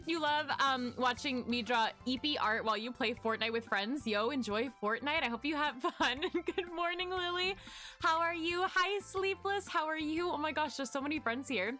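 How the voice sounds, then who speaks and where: Giggly streamer girl chatting w chat, high and super lively. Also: moderate pace, faint music behind. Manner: bubbly, giggly, reads chat aloud. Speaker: livestreaming artist. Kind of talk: casual chat greeting viewers.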